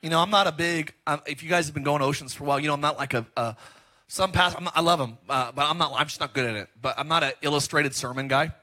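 Male pastor, high bright voice, lively joking sermon, middle-aged. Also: fast talker. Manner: animated, joking storytelling with laughs.

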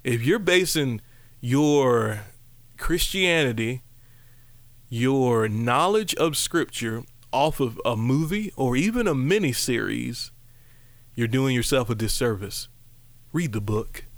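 A man preaching a lively, conversational sermon, breaking into high exclamations and playful asides. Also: slow, no room sound.

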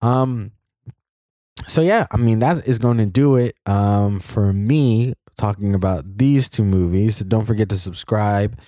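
Male podcast film reviewer, low mellow voice, loose rambling delivery, dry close sound. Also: unhurried, no echo. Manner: rambling, many fillers and restarts. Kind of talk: casual spoken film review.

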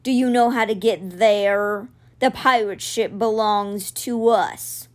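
A woman voicing a calm giant male cat in a storybook reading, speaking slowly. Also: medium pitch, close to an everyday voice. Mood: steady. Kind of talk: reading a children's novel aloud.

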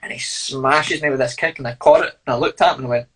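A man's voice: medium pitch, fairly even intonation, quick pace, a bit bright, breathy edge, poor audio. A man telling sweary, laughing stories as an interview guest. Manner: blunt, sweary, laughing storyteller. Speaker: fighter and guest. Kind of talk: casual storytelling interview.

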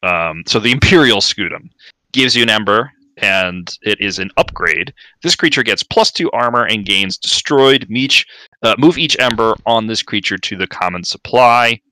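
A man co-hosting a casual card game chat, halting and full of fillers as he explains cards. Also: lowish voice, animated, bright, forceful tone, no room sound. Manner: halting, with many fillers and repeated words. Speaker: podcast co-host.

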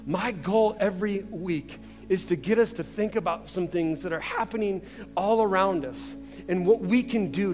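A young male pastor preaching a casual, conversational sermon, full of restarts and asides, in a large church. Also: sits high. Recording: reverberant church hall with faint music.

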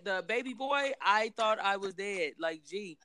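A woman's voice: mid-range voice, lively intonation, measured pace, sharp tone, no room sound, studio quality. A young woman in casual chat, telling candid, profane stories and acting out the voices of people in them. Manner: candid, profane storytelling with acted-out quotes.

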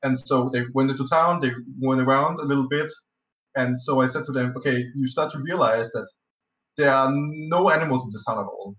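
A man's voice: mid-range voice, fairly bright tone. A man, a native Danish speaker, chatting casually as a podcast guest, rambling through a tabletop game anecdote with lots of fillers, restarts and swearing. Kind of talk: casual storytelling chat. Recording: roomy echo, slightly off-mic.

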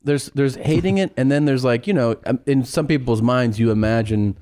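A man's voice: medium pitch, moderate pace, mellow. A man co-hosting a comedy podcast, asking crude, teasing questions in casual chat. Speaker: podcast co-host.

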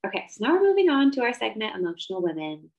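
On a relaxed book-discussion podcast, a woman co-host speaks fast with a fairly high pitch and a gravelly fry. She's animated and emphatic, her voice climbing steeply when she gets worked up. The recording is dull and lo-fi.

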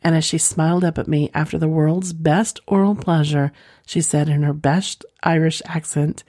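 A woman hosting her own podcast, with a low, dark voice that stays mellow. She reads listener letters and then chats in a playful, rambling way. The sound is close and dry, with no room echo. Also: fairly even intonation, moderate pace. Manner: playful, chatty, rambling asides. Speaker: podcast host. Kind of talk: reading a listener letter aloud, then casual chat.

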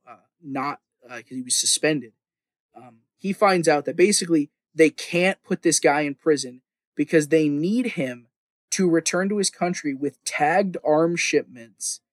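A man's voice: on the high side, no echo. Dry, rambling podcast host man. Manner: rambling, profane, enthusiastic storytelling with fillers. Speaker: podcast host recapping a TV show. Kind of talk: casual podcast recap.

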